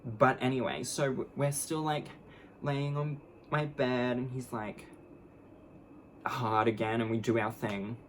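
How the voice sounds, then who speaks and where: A woman's voice: extremely low pitch, fairly even intonation, a little slow, a little hiss or hum. A young adult woman telling a story on her vlog, candid, blunt and sarcastic, mocking the people in it with put-on voices. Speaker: vlogger.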